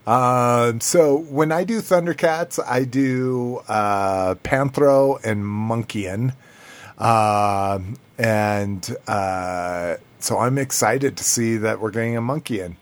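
A man's voice: mid-range voice, slow. A man hosting a podcast in loose casual chat, swearing freely and laughing between remarks. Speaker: podcast host.

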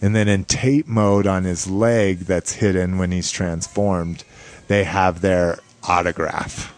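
A man hosting a podcast in casual chat, excited and joking, swearing freely. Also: deep voice, takes it slowly. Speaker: podcast host.

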